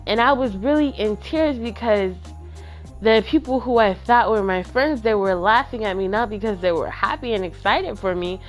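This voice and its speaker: A woman talks straight to her viewers, retelling a personal story with candid, animated energy and easy slang. Her voice sits at an ordinary middle pitch, and faint music plays softly behind her. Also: normal speed. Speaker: channel host.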